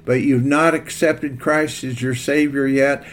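A man who pastors and hosts a podcast, wrapping up the episode. He talks in a relaxed, plain-spoken way with a few fillers. His voice is mid-pitched. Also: unhurried. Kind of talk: casual podcast outro.

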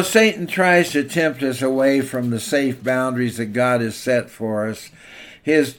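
A man preaching a sermon in an emphatic, exhorting way. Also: mid-range voice.

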